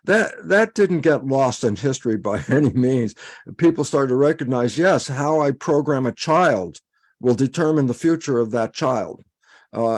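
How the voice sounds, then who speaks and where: Animated man chuckling as he talks. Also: medium pitch. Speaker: guest speaker. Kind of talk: conversational discussion.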